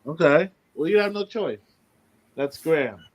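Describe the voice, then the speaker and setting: A man hosting a casual remote podcast interview, asking questions in a relaxed way with fillers and restarts. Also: fairly high pitch, a little slow, low-quality recording. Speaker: podcast host. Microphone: podcast microphone over remote call.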